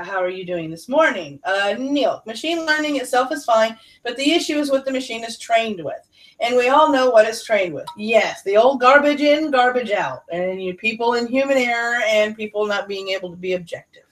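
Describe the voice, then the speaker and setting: A woman hosting a casual news livestream, reading articles aloud with sarcastic asides and answering chat. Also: a little high. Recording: voice a bit far from the mic.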